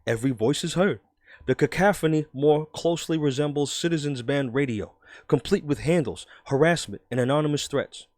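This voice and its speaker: A man's voice: a little high, moderate pace, no room sound, clean studio sound, close to an everyday voice. A man putting on a New York accent to voice a skeptical, dismissive male magazine columnist, reading with emphatic scorn. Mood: scoffing. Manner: emphatic, dismissive, loud read-aloud. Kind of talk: dramatic reading in a put-on voice.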